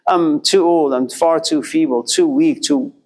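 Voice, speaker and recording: Guy giving a lecture, tells a story with lots of repeating lines, kinda high voice. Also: a little slow, a little mellow. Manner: repetitive, rhythmic storytelling with quoted inner voices.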